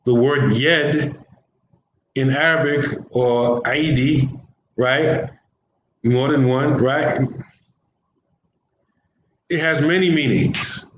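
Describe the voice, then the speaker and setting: A man's voice: mid-range voice, very slow, long pauses. A man teaching an informal religious lesson, talking conversationally in everyday slang and often repeating his phrases. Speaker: Islamic teacher. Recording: roomy echo with faint background hiss.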